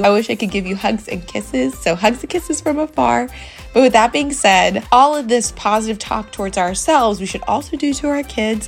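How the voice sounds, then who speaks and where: A woman, hosting a faith-based parenting podcast in an earnest, encouraging way. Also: medium pitch. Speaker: podcast host.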